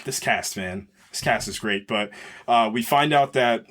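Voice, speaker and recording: A man's voice: medium pitch, a little slow, fairly bright tone. Male podcast host, casual film review, rambling and searching for words.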